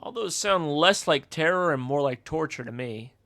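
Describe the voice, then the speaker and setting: A man's voice: on the high side, expressive, moderate pace, fairly bright tone. A man streaming a game, chatting casually and joking, with lots of filler words. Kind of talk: game commentary.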